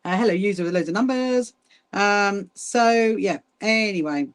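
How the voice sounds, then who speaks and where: A woman's voice: medium pitch, animated, normal speed. A middle-aged woman hosting a casual sewing livestream, chatting with viewers and rambling through asides while she hand stitches. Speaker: livestream host.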